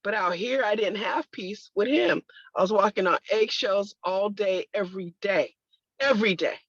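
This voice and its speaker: A woman's voice: medium pitch, moderate pace, dry recording. A woman sharing a personal testimony in conversation, telling it emphatically with religious exclamations. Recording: dull lo-fi, dry sound.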